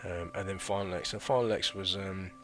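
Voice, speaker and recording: Music plays in the background as a British former recruit in his thirties rambles through a casual vlog about his military training. His low voice is brisk with fairly even intonation, and his chatty talk is full of slang and filler words.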